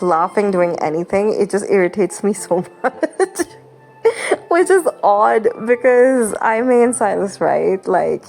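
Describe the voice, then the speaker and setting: A woman's voice: medium pitch, gravelly, a little mellow. A young woman hosting a game channel, chatting casually and rambling while she plays, laughing often and sounding mock-exasperated. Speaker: gaming channel host. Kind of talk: casual gameplay commentary. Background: game music.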